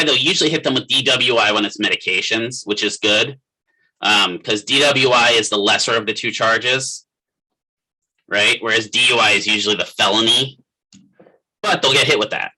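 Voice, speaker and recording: Husky middle-aged male instructor, very bright tone, casual classroom lecturing, quizzes students. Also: medium pitch, poor audio. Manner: conversational, quizzes the class by name. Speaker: physical therapist assistant instructor.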